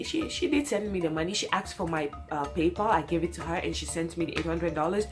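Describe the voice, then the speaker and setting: A young woman telling a story-time vlog at home in a slightly low voice that leaps up whenever she gets excited. She laughs often and talks casually, with faint music running underneath. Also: quick pace, hardly any pauses. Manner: animated, laughs often, voice jumps high when excited. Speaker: vlogger, single mother. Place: home, late at night.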